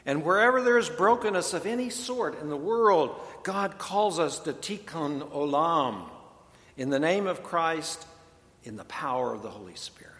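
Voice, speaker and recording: A man preaching slowly and deliberately, his slightly raised voice ringing through a large church sanctuary. The long reverb of a big hall trails after each phrase, and he slips a dry joke in now and then. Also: high-pitched, fairly bright tone. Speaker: pastor. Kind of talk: sermon.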